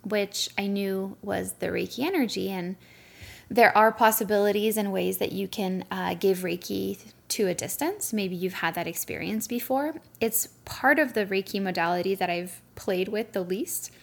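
A woman's voice: mid-range voice, moderate pace, gravelly. A young woman hosting a solo podcast, telling a story in a chatty way with lots of fillers. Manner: chatty, lots of "like" and "you know". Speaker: podcast host; Reiki practitioner.

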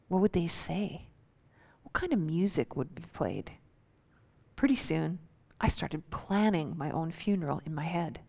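A woman's voice: low voice, gravelly, a little mellow. A woman telling a personal story in a vivid, suspenseful, conversational way.

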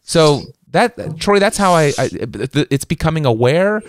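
A man's voice: a little high, animated, a little slow, a little hiss or hum. A man as an interview guest, earnestly explaining self-awareness, often repeating words as he talks. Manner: earnest, repeats words and acts out his inner voice. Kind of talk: reflective self-help talk.

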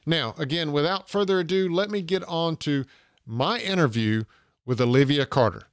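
A man's voice: a little high, normal speed, clear, resonant tone, no echo. A man with a Southern US accent from Georgia hosting a podcast, enthusiastic and promotional, with lots of fillers. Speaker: podcast host. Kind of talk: podcast interview.

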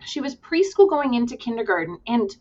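A woman speaks with a high, animated voice. She tells classroom stories in a casual way. Her audio sounds dull and a little lo-fi. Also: brisk. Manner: animated, acts out quotes while telling classroom stories. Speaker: podcast guest, early-childhood educator. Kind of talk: casual conversation.

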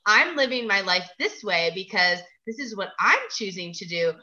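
A woman's voice: medium pitch, animated, normal speed, pushed and bright, highs cut off. A woman guest in a casual chat, speaking dreamily and filling nearly every phrase with "like.". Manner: dreamy, filler-heavy, says "like" constantly.

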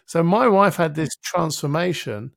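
A man's voice: fairly high pitch, unhurried, vocal fry, fairly bright tone, no room sound, clean studio sound. A middle-aged man, a podcast guest, telling a personal story vividly and acting out his own inner voice, with casual swearing. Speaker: interview guest, helps people with their thinking. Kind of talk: reflective storytelling in a podcast conversation.

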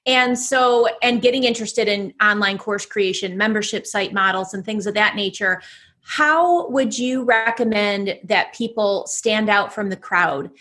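A woman's voice: mid-range voice, a little slow, a bit bright. A woman hosting a podcast, who affirms what her guest says and asks thoughtful questions. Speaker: podcast host. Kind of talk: casual interview talk.

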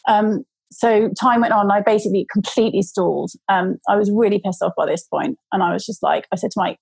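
A woman tells a long personal story in a loose, rambling way, full of fillers and restarts. Her voice has a gravelly, creaky texture at a middle pitch. The sound is dry and close. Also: fairly quick, a little mellow, no echo, poor audio. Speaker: guest telling her birth story. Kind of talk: casual storytelling.

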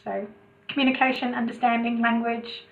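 A woman's voice: a little high, moderate pace, vocal fry. A woman talking as a podcast guest in a chatty way, restarting her sentences often. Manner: chatty, many restarts, animated asides. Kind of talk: casual interview chat. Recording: tinny phone-like remote call.

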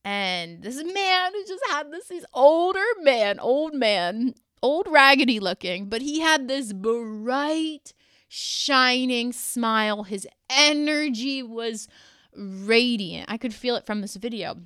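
Earnest woman with a smooth, higher voice. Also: animated, slow pace, fairly bright tone, no echo, clean studio sound. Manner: earnest and heartfelt, with casual fillers like "like" and "y'all". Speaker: podcast host. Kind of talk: solo motivational podcast talk.

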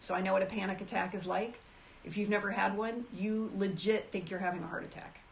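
A woman talking casually to her audience about handling anxiety, chatty and animated, acting out little quoted asides. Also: mid-range voice, brisk, vocal fry, a little hiss or hum. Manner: chatty, animated, frequent restarts and acted asides. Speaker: self-help speaker. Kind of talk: casual talk to camera.

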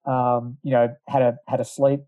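A man's voice: medium pitch, little pitch movement, normal speed, no echo, narrow, tinny audio. A middle-aged man who used to be a distance runner, telling a story in a casual, rambling way with lots of fillers and asides. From Australia.

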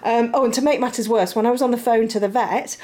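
A woman's voice: fairly high pitch, fairly even intonation, fast, a little mellow. A middle-aged woman, chatting casually and rambling at home as a podcast host, laughing often. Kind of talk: casual chat. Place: home, puppy nearby.

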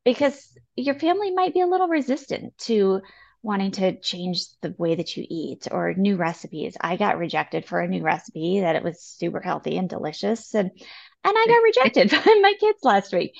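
A woman's voice: on the low side, gravelly, darkish tone, muffled recording. Earnest woman podcast co-host. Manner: earnest, encouraging, quotes people in quick asides. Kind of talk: casual health podcast chat.

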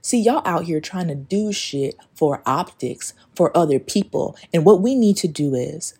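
Husky, mellow-voiced woman podcaster. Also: on the low side, lively intonation, measured pace, few pauses. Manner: emphatic, profane, breaks into singing song lyrics. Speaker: podcast host. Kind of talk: casual spiritual podcast monologue.

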